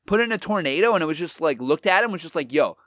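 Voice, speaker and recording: A man telling a story in casual chat, animated, swearing often and acting out what people said. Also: on the high side, fast, no echo, studio quality. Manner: animated, swears a lot, acts out quotes. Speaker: podcast co-host.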